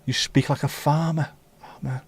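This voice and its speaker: A British man hosts a casual livestream, reading viewer comments aloud and riffing on them in an opinionated, mildly profane way. His voice is a little high and husky, with a steady tone, normal speed, and no echo.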